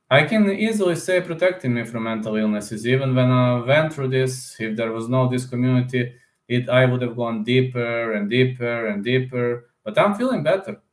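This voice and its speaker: Rambling man chatting in echoey room. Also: mid-range voice. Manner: rambling, informal, addresses listeners as "man". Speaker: YouTube channel host. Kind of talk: casual chat with viewers.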